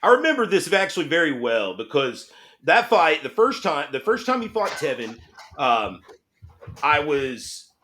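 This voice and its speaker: A man hosts a casual interview in a fairly high, bright voice. His pitch swings widely, and he rambles through his questions with plenty of fillers. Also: very animated, a little slow, a little hiss or hum. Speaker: interview host.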